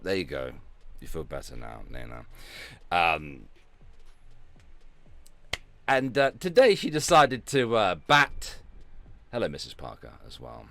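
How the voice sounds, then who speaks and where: A man hosting a casual livestream rant, sarcastic and mocking, dropping from low mutters to loud announcements. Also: wildly swooping pitch, measured pace, long pauses. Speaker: streamer host.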